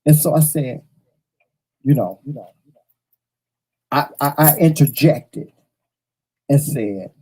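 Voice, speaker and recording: Male talk host, very dark and husky tone, animated, salty storyteller. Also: medium pitch, takes it slowly, pauses often, low-quality recording. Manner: animated, profane storytelling with repeated lines. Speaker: morning show host.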